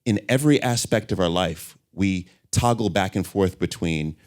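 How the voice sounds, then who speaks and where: A middle-aged man talking candidly as an interview guest, an animated storyteller. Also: low-pitched, normal speed. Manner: animated storyteller, acts out voices in anecdotes.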